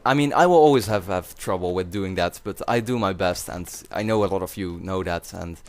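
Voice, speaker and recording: Young Dutch-accented male YouTuber, slightly low voice, rambling vlog chat full of fillers. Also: fairly quick. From Netherlands. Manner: rambling, many fillers and restarts. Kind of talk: casual commentary to viewers.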